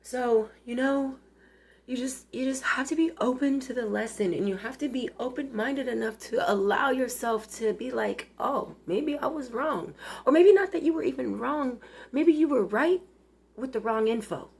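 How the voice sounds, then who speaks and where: A tearful woman in her forties pours out a personal confession straight to the camera. Her voice sits a little high and sounds husky and breathy, and she stumbles and restarts as the feelings rise. It is an intimate, unscripted vlog. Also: a little mellow. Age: 40s. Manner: emotional, halting, with many restarts. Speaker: vlogger.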